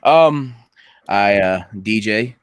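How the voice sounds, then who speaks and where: A laid-back man guesting on a casual podcast, answering questions with self-deprecating humor. His voice sits on the low side but swings freely in pitch. The sound is dry and close, with no room around it. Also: lively intonation, takes it slowly, clear, resonant tone, dry recording. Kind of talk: casual chat.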